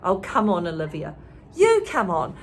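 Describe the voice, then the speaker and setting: A woman's voice: on the low side, wildly swooping pitch, normal speed, slight background noise. A woman reading as an earnest teenage boy. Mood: annoyed.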